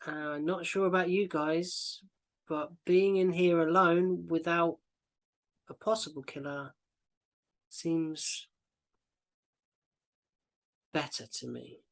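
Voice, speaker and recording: A man voicing a wary female fae with plant magic, who talks in a calm, matter-of-fact and hesitant way. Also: fairly high pitch, takes it slowly, vocal fry, long pauses.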